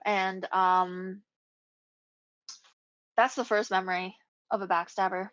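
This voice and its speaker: A young adult woman, a podcast co-host, telling a story in casual chat with animated, swearing delivery. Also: mid-range voice, takes it slowly, pauses often, dry recording. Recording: dull lo-fi recording.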